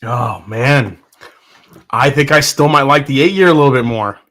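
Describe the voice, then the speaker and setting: A man hosts a casual livestream and chats with viewers. His voice is bright and forceful. He talks with easy enthusiasm and thinks aloud, poking fun at himself. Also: mid-range voice, moderate pace. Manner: chatty and enthusiastic, self-deprecating, thinking aloud. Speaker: host of a whiskey tasting livestream. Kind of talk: casual livestream chat, reading viewer comments.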